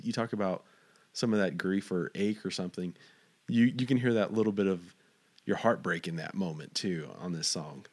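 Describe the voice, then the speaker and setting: Low-voiced rambling male interviewer. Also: darkish tone. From Fort Stockton, Texas. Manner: rambling, stumbling over words. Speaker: interviewer host. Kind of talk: casual interview.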